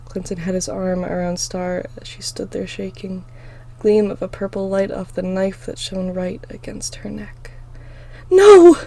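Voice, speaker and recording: A woman reading her own story aloud in the first person, with expressive, emotional delivery. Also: mid-range voice, normal speed, vocal fry.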